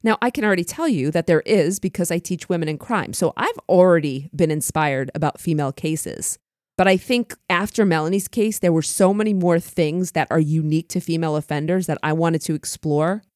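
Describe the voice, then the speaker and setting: Woman podcast co-host, enthusiastic, grateful, low-ish voice, dry close mic. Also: a little fast, a little mellow, no echo. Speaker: podcast co-host and criminology teacher. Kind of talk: casual podcast chat.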